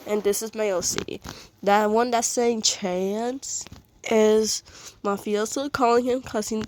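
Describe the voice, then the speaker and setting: A woman's voice: a little high, fairly even intonation, takes it slowly, dry recording. A woman who has a cold, sniffling as she chats casually and apologetically while showing off her fan art. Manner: apologetic, rambling, giggly. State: sick and sniffly. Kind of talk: casual showcase chat.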